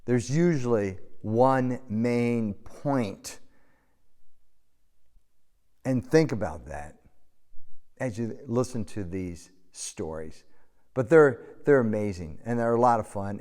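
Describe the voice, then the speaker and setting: A man's voice: mid-range voice, takes it slowly, long pauses. A middle-aged American man preaching a sermon and telling a story, in a conversational style. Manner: conversational storytelling, animated when shouting. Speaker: pastor. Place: church sanctuary. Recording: long hall reverb.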